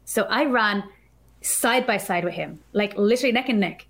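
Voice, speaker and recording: A woman guest on a podcast, telling a story in an animated, chatty way, full of filler words. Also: medium pitch, normal speed. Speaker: podcast guest, developer advocate. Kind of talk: casual storytelling chat.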